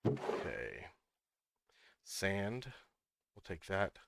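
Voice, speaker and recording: A man hosting a game stream, chatty and quick to laugh, giving a tour of his build. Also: deep voice, wildly swooping pitch, gravelly, noisy background. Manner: chatty, laughs often, gives tours. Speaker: streamer host. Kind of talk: casual gaming chat.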